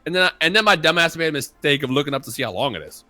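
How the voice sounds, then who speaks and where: Male podcast guest, quick and lively delivery, excitable and slangy. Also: on the high side, faint music behind. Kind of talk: casual chat.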